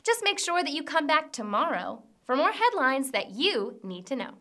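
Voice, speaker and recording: A woman rattles through a comedy news roundup in a fairly high, lively voice that rises and falls a lot. Her delivery is dry and sarcastic, with blunt punchlines dropped between headlines. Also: moderate pace.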